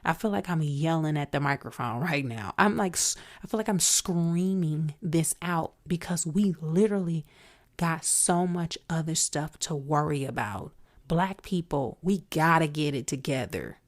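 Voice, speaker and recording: A woman's voice: sits low, unhurried. A woman hosting a solo commentary podcast, outspoken and emphatic, talking straight to her listeners. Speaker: podcast host.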